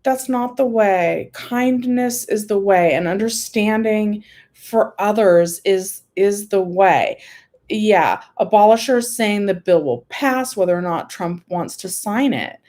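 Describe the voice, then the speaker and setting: Talking slowly in a mid-range, darkish voice, a livestream host speaks into her computer mic from a room at home. She rambles in frustration, on the verge of tears.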